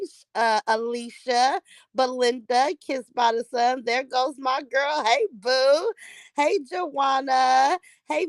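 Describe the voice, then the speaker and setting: A woman's voice: sits high, dry recording. A woman hosting a casual livestream from her phone at home, chatting and greeting viewers one by one by name with pet names. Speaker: livestream host.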